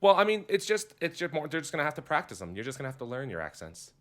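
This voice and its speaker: A man co-hosting a podcast in casual chat, animated and quick to laugh, often restarting sentences. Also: fairly high pitch. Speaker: podcast co-host.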